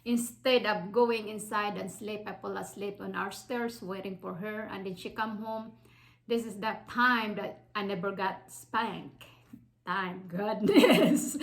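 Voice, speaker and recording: A woman's voice: mid-range voice, poor audio. A woman from the Philippines with a Filipino accent, casually telling a personal story in a rambling way with many fillers and restarts.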